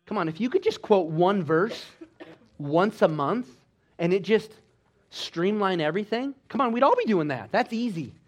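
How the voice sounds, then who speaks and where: A man preaching a sermon with exhortations, swinging between loud emphatic lines and quiet low ones. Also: lively intonation, normal speed. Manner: exhorting, with call-and-response asides. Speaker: pastor.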